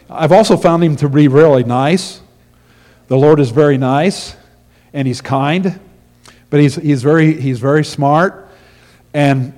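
Man, pastor, sermon, earnest, repeats words, mellow tone, long hall reverb. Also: on the high side.

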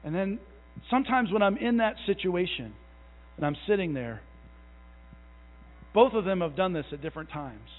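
Through a narrow, phone-like recording with a long hall echo, a thirty-something preacher with a fairly high, lively voice mixes folksy family anecdotes and self-deprecating humor in a conversational sermon. He gradually grows louder and slower, reaching emphatic fervor.

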